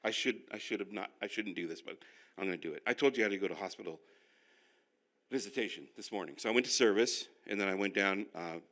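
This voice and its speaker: An older male pastor teaching a finance class, telling animated, self-deprecating stories. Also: low-pitched, quick pace. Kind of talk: sermon-style finance class.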